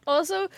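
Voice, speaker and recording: A woman hosting a casual late-night podcast chat, rambling with lots of fillers and laughter. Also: no echo.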